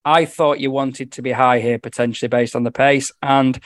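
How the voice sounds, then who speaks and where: A man giving casual horse racing tips on a podcast, talking quickly through form with a joking edge. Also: medium pitch, steady tone, no room sound, clean studio sound. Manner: quick, chatty form analysis with jokes. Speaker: racing tipster.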